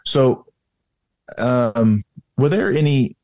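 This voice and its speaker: A man and military veteran, telling stories in a casual chat, full of pauses and restarts. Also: mid-range voice, animated, warm tone, no echo. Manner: hesitant, lots of ums and restarts. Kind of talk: casual podcast storytelling.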